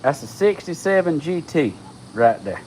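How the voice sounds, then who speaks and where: A man, chatting casually with viewers on a live stream, folksy and excitable. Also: fairly high pitch, normal speed, slight background noise, poor audio. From Georgia, US. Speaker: livestream host.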